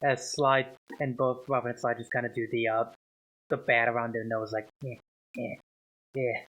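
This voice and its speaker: A man's voice: medium pitch, level tone, brisk, a bit bright, lo-fi sound. A man running a tabletop game as game master, narrating scenes and slipping into character lines between laughs, recorded over a voice call. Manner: laughing, voicing characters in passing.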